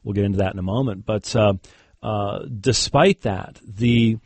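A man's voice: fairly low pitch, normal speed, darkish tone, no room sound. A man who is a guest on an interview, a Christian debater telling a story casually with many fillers and chuckled asides. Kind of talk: conversational interview.

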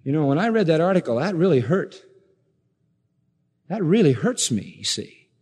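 High-voiced guy preaching, punchy questions then quiet asides, big echoey hall. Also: big pitch swings, normal speed, long pauses, slightly rough. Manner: preaching with rising emphatic questions, dropping low for asides. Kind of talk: sermon.

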